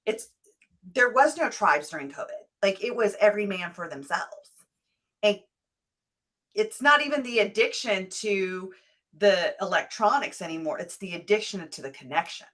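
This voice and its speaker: A middle-aged woman co-hosting a casual talk show, talking easily and slipping into quoted dialogue. Her voice is crisp and bright, set at an ordinary pitch for a woman. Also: expressive, normal speed. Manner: conversational, quotes remembered dialogue. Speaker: co-host.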